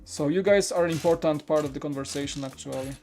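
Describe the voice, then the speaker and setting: A Lego channel host runs a toy-building live stream, speaking a little high and quick with a darkish tone over faint background music. He chats casually and candidly, rambling as he answers viewer questions.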